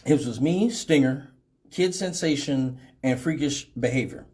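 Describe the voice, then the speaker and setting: A man hosting a live show, from Detroit, telling profane stories with animated voices for each person in them. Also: medium pitch, unhurried. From Detroit, Michigan. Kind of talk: casual storytelling.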